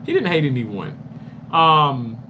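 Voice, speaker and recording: A man's voice: fairly high pitch, sing-song, takes it slowly. A man live-streaming while he walks, out of breath and rambling as he answers viewer comments one by one. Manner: rambling, talks back to commenters. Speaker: livestreamer. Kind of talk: casual live chat reading viewer comments. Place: walking outdoors near a road. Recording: street noise with passing traffic.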